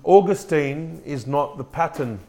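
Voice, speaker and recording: Male pastor, gravelly, slightly high voice, preaching with questions to the congregation and frequent restarts. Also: expressive, measured pace, mellow. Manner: repeats words and restarts, asks the congregation questions. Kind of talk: sermon. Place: church room with a congregation.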